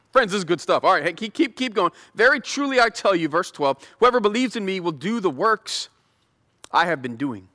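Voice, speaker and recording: A man preaching a casual sermon, retelling scripture in an animated, slangy, conversational way. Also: high voice, big-room sound. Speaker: pastor.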